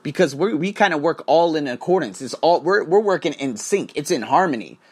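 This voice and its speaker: A man hosting a podcast, talking as a teacher in a profane, ranting, animated manner. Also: a little high, fairly quick, husky. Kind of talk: casual monologue podcast.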